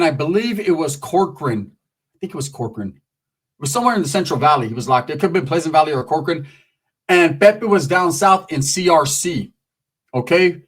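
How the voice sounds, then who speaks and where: A man's voice: fairly high pitch, slightly rough. A man telling a profane, rambling comic story. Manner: profane, rambling, animated with voices. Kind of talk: comedic storytelling.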